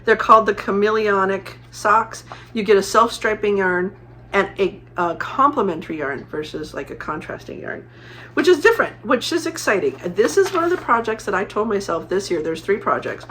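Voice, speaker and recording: A woman's voice: mid-range voice, animated, moderate pace, pushed and bright, a little hiss or hum. A middle-aged woman from Arizona chatting casually as a crafting vlogger, rambling with many fillers and restarts. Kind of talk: casual chat.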